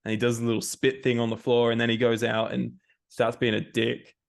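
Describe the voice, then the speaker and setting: An Australian man hosting a casual recap podcast. He talks in a loose, rambling way, full of slang and the odd swear word, at an ordinary middle pitch. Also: completely flat delivery, fairly quick, vocal fry. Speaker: podcast co-host.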